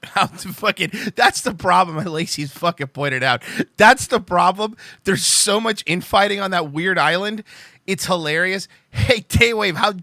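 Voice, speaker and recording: A man's voice: sits high, lively intonation, measured pace, bright, forceful tone, no room sound, studio quality. A young man hosting a live stream, rambling and joking with his viewers, swearing freely and laughing often. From Cuban heritage. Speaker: livestream host.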